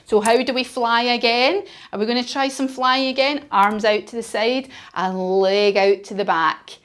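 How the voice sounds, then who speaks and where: A woman telling a story while leading a children's yoga class, playful and encouraging. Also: on the high side. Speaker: kids yoga teacher.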